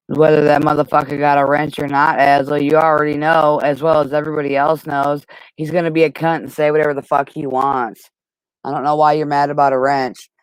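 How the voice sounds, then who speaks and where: A man's voice: fairly high pitch, flat delivery, moderate pace, clean tone, dry recording. A man hosting a livestream, arguing with chat in a heated, profane, casual way. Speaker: livestream host.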